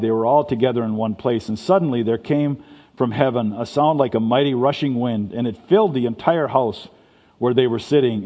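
A man's voice: mid-range voice, warm tone. A man giving a sermon as pastor, talking conversationally and stumbling over restarts. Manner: conversational preaching with stammered restarts. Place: church sanctuary. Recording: long reverb of a church hall.

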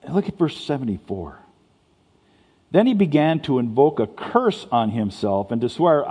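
A man's voice: medium pitch, sing-song, normal speed, dark tone, breathy edge. A man giving a sermon as pastor, talking conversationally and stumbling over restarts. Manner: conversational preaching with stammered restarts. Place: church sanctuary. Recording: long reverb of a church hall.

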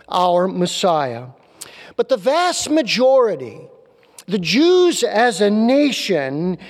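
High, lively male preacher in a hall. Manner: emphatic, repeats key phrases slowly. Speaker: pastor. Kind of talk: sermon. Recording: long reverb of a large hall.

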